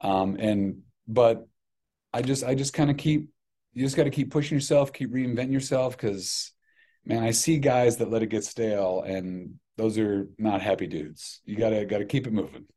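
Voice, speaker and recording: Chatty, animated middle-aged man. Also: fairly low pitch, moderate pace. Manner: animated, self-deprecating storyteller with many restarts. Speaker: podcast guest. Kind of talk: casual chat.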